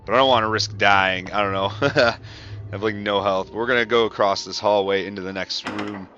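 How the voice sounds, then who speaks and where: A man's voice: fairly low pitch, steady tone, normal speed, sharp tone, muffled recording, slight background noise. A man giving casual, chatty walkthrough commentary, joking at his own expense and swearing when startled. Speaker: gameplay commentator. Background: game music.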